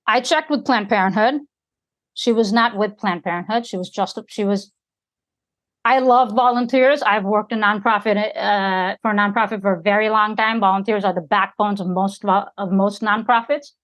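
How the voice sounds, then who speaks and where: A woman's voice: mid-range voice, fairly even intonation, normal speed, a bit bright. A woman guest on a podcast, telling a story in an emphatic way and often checking in with her listeners. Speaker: podcast guest and community organizer.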